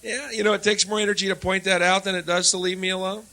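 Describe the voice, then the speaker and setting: A man from the United States doing a sardonic stand-up set, swinging from low mutters to loud jabs on a handheld stage mic. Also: fairly even intonation, fast talker, few pauses. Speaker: stand-up comedian.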